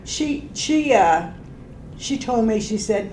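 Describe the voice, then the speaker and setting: An older woman, a retired employment specialist, telling animated stories with laughter in an oral history interview. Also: on the high side, slow. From Ohio, United States. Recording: echoey room with faint background noise.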